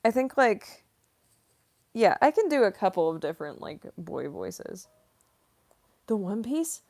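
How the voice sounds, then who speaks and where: A woman's voice: medium pitch, sing-song, measured pace, darkish tone. A young woman, a voice actress, chatting casually on a livestream as she answers viewer questions. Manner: chatty, giggly, heavy on "like". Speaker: voice actress, streamer.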